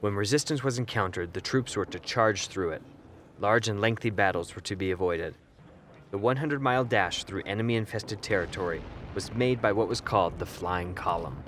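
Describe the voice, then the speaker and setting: Male narrator, lowish voice, measured scripted documentary read, faint noise. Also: fairly bright tone.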